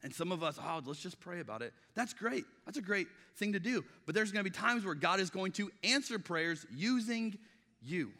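A man's voice: high voice, lively intonation, moderate pace, sharp tone. A middle-aged male pastor giving a conversational sermon, often acting out quoted dialogue, with frequent restarts. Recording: long reverb of a large hall.

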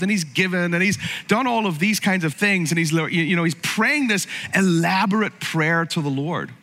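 A man's voice: a little high, a bit bright, in a large hall. A man preaching a sermon in a conversational way, repeating short phrases and asking rhetorical questions. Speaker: pastor.

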